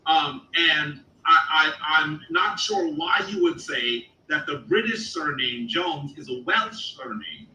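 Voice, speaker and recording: A man's voice: a little high, animated, takes it slowly, few pauses, bright, forceful tone. Insistent man demanding evidence. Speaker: host of a debate show. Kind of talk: heated live debate. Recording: echoey, distant online call audio.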